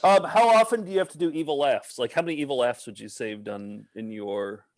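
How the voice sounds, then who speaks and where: A man's voice: medium pitch, a little fast, a crowd in the background. A man co-hosting a podcast, asking curious, rambling, joking questions in casual chat.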